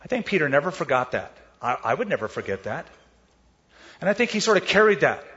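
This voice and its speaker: A man's voice: on the high side, very animated, fast talker, bright, forceful tone. A man preaching a Bible sermon in a conversational way, with casual asides and rhetorical questions. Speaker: pastor. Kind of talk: expository sermon. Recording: dull sound with long hall reverb.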